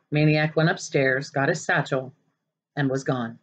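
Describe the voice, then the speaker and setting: A woman reading a children's novel aloud, expressive and lively, raising her voice for the characters' lines. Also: low voice, a little slow, muffled recording. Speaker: narrator.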